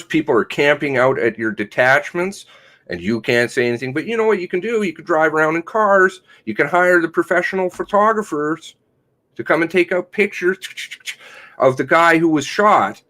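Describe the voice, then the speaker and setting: A man hosting a casual livestream, reading and commenting on articles in a sarcastic, mocking way, with loud outbursts and low mutters. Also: normal speed. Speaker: livestream host.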